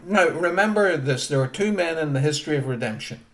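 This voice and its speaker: Brisk and with lively intonation, a man preaches emphatically in a somewhat high voice. He keeps returning to key phrases, his delivery surging loud and then falling quiet.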